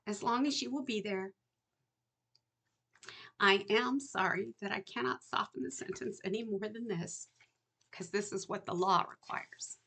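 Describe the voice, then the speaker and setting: A merciful judge hands down his ruling in formal, measured words, as a woman reads him in her own voice. Her tone stays near her usual pitch with a gravelly texture. An audiobook courtroom figure. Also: a bit bright.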